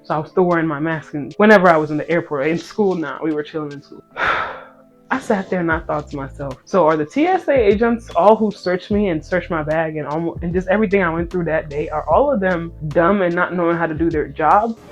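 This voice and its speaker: A speaker in their twenties telling a casual story and then a Bible talk to viewers, animated and playful, swinging between loud outbursts and hushed asides. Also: mid-range voice, a little fast. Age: 20s. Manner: playful slangy banter with viewers. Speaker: content creator. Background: faint background music.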